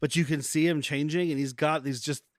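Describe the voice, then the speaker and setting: Guy recapping a show with his buddies, slightly high voice, dry sound. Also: fairly even intonation, fairly quick, no echo. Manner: laughs often, retells scenes. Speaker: podcast co-host. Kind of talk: casual chat recapping a TV show.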